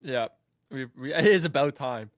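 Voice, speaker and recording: A man's voice: medium pitch, lively intonation, normal speed, dry recording, clean studio sound. A man co-hosting a casual sports podcast, laid-back and laughing, often repeating himself. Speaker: podcast co-host.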